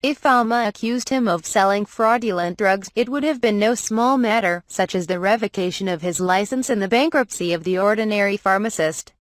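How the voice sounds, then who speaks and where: A woman reads a web novel aloud in an even, steady narration. Her voice sits in a middle pitch. The recording is close and dry, with no room sound. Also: moderate pace, hardly any pauses, no echo. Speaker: audiobook reader. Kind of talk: reading a translated web novel.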